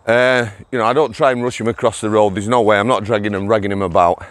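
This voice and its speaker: A man's voice: fairly low pitch, steady tone, quick pace, no room sound. A middle-aged man, chatting to viewers on an outdoor walking vlog, laughing and addressing them directly. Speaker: vlogger, former prison officer. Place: outdoors on a walk.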